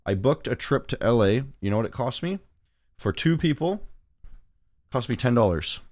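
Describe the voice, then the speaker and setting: Hosting a livestream as a forex trader, this man chats loosely and jokes in simple, fragmented phrases. His voice is on the low side and a little mellow.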